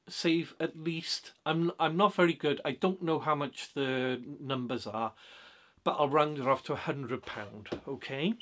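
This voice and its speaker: A man giving blunt, rambling money advice in a casual vlog monologue, full of fillers and restarts. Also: a little high. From Britain. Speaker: vlogger.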